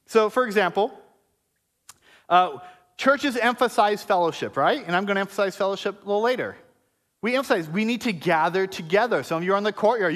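High-voiced joking male preacher. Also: a bit bright. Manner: conversational, joking preacher with asides. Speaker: pastor. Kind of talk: sermon. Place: church service before a congregation.

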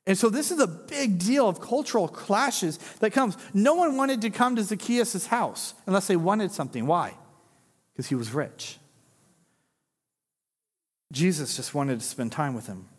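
High-voiced man preaching in a reverberant hall. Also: a little slow, breathy edge. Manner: animated, conversational preaching with jokes and acted-out quotes. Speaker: pastor. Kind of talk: sermon.

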